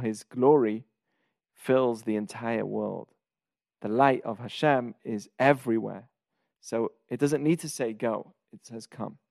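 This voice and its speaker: A man at mid pitch talks through a weekly Torah portion in a relaxed, conversational teaching voice. He pauses to gloss Hebrew words and poses rhetorical questions to his listeners. The sound is close and dry, with no room around it. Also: vocal fry, no echo. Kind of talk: casual spoken Torah lesson.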